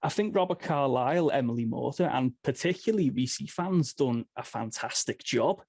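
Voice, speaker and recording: A man's voice: mid-range voice, lively intonation, moderate pace, a little mellow, husky, no room sound, clean studio sound. A man hosting a podcast interview, talking hesitantly with stammering restarts. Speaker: podcast host. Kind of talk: casual interview chat.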